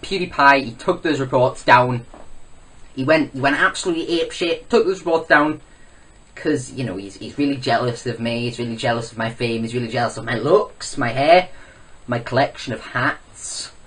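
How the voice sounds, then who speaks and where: A man's voice: medium pitch, moderate pace, fairly bright tone, husky, distant mic. A young man ranting in a mock-serious comedy vlog, rambling and boastful with lots of self-interruptions. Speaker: comedy vlogger. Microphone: webcam.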